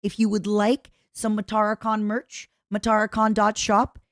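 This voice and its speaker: A woman's voice: medium pitch, completely flat delivery, moderate pace, dry recording, studio quality. A woman streamer chatting casually as she reacts to a video, rambling and plugging merch.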